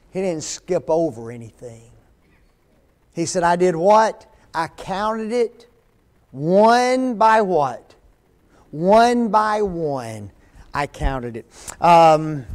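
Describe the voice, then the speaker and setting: Older man, preacher, sermon in a church, folksy, asks the congregation questions, high voice. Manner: reads scripture slowly and emphatically. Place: church sanctuary.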